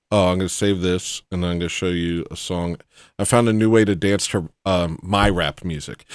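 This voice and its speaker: A man ranting casually as a comedic livestream host, mumbling asides between louder bursts. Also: deep voice, fairly even intonation, moderate pace, clean tone, no echo, clean studio sound. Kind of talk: rambling comedic livestream rant.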